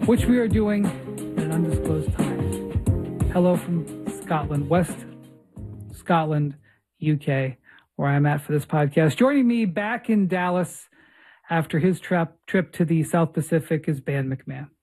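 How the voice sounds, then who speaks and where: A male podcast host with a husky voice, telling a lively story and acting out each person's lines. His delivery is casual and expressive. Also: on the high side, a little slow, soft background music. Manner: animated anecdote telling, acting out dialogue.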